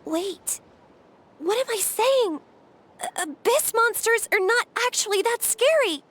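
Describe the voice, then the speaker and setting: A gentle, earnest young warrior. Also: female voice, extremely high pitch, lively intonation, unhurried, full character voice. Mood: panicked. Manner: earnest, soft-spoken. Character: young woman warrior, gentle, haunted by fear. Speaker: game character. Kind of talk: voiced game dialogue. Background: faint game music.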